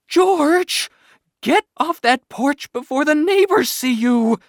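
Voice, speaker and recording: A man voicing a sharp-tongued, scolding mother in a storybook reading. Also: sing-song, moderate pace, no echo, studio quality. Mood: shrieking. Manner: sharp, shrill.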